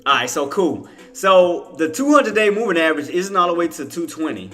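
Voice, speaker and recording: Man, bright fairly high voice, rambling live trading commentary, faint music underneath. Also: very animated, brisk, few pauses. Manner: rambling, self-talking, laughs often, slangy. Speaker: stock trading streamer.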